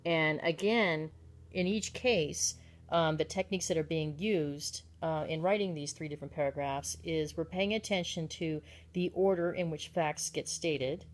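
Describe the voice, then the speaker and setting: A woman's voice: low voice, unhurried. A woman teaching a recorded writing lesson, explaining example texts step by step with frequent ums and restarts.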